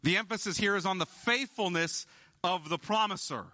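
A male pastor preaching an emphatic sermon, slowing down to stress key words. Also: high-pitched, pushed and bright.

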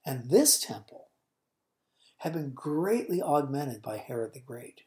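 A woman preacher retelling a scene in a sermon, with vivid storytelling that swings from booming lines to hushed ones. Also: very animated, measured pace.

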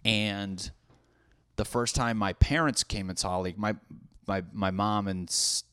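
A young man with a lowish voice rambles through his stand-up life, swearing freely and poking fun at himself. He keeps veering into asides and half-finished thoughts. The sound is dry and close, with no room around it. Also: fairly even intonation, measured pace, a bit bright, clear, resonant tone, no room sound. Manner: profane, self-deprecating, trailing off into asides. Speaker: stand-up comedian. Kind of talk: casual rambling monologue.

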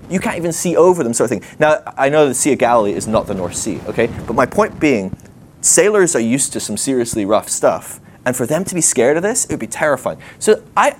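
A man preaching to a live group in a conversational sermon, animated and chatty, with frequent asides and rhetorical questions. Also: mid-range voice, slight background noise. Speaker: guest preacher. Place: teaching session before a live group.

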